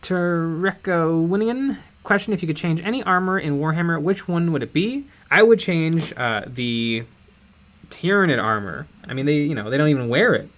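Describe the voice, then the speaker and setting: A man's voice: on the high side, lively intonation, normal speed, a bit bright. A man co-hosting a casual painting stream, joking and reading viewer questions aloud. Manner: joking, reads chat names aloud. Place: home studio while painting.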